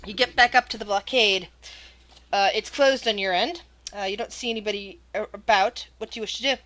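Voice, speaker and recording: Bright-voiced woman running a tabletop game. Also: mid-range voice, a little fast. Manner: laughs often, hesitant fillers. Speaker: dungeon master.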